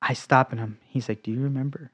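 A man sharing his faith testimony in casual conversation, telling it with energy, acting out what he said back then and dropping to a hushed whisper for emphasis. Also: medium pitch, steady tone, fast, husky.

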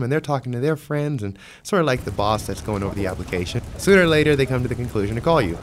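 A man's voice: medium pitch, lively intonation, fast talker, hardly any pauses, slight background noise. A man hosting a monologue show, talking conversationally to the listener and acting out quoted voices. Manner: conversational, talks straight to the listener. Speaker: host.

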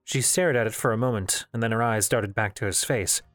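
A man narrating a novel in a measured, even storytelling voice. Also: fairly low pitch, no echo, studio quality, soft background music. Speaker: audiobook narrator. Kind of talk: novel reading.

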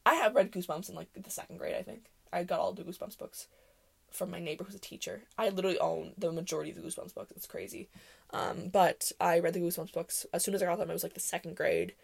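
Speaking fast and steadily in a fairly low voice with creak and a breathy edge, this young podcast host chats on her own. Her talk is rambling and casual, full of fillers and self-interruptions, with frequent laughter mixed in.

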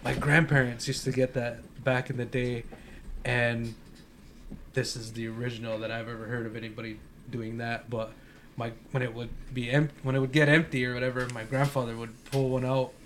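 A man's voice: medium pitch, level tone, brisk, fairly bright tone, a little hiss or hum. A man co-hosting a casual podcast with a North Country New York accent, telling stories in a loose, profane way with frequent laughter. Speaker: podcast co-host. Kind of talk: casual storytelling chat.

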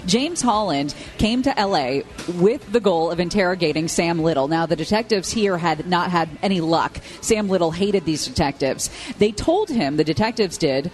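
A radio co-host on a live broadcast from a restaurant, telling a news story in a brisk narrative style. The voice has an ordinary middle pitch. Faint music runs underneath. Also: animated.

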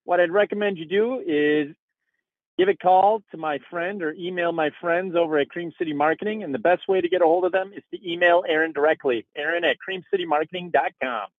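Laid-back podcast co-host, man, husky voice, tinny phone-quality sound from his car. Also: fairly high pitch, a little fast, no echo. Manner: dry, laid-back, wry humor. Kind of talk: casual podcast chat. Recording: tinny phone-like line, dry.

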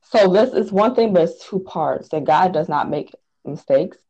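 A woman's voice: lowish voice, animated, normal speed, mellow. A woman guest speaking earnestly and emotionally about her life in an interview. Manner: earnest, emotional, near tears. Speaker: guest author. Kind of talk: personal testimony in interview. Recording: dull lo-fi sound.

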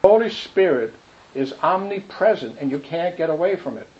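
A man giving a rambling, animated spiritual talk, telling stories with quick asides. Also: fairly high pitch. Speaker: spiritual teacher. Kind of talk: dharma talk with questions. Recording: muffled lo-fi recording with faint noise.

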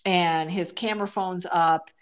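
A woman co-host telling a casual story on a podcast in an animated, emphatic way. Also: lowish voice, unhurried, smooth.

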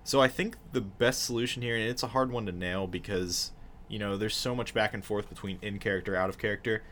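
A man's voice: on the low side, steady tone, fairly quick, a bit bright, a little hiss or hum. A man talking about role-playing in casual podcast chat, hesitant and restarting often. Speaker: player.

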